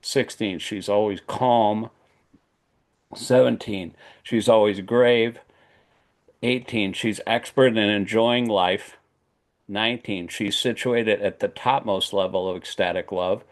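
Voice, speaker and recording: A man leading an online class, reading scripture aloud at a steady pace and adding brief comments of his own. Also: slow. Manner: steady, list-like reading in a low voice. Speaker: class leader. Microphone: video call.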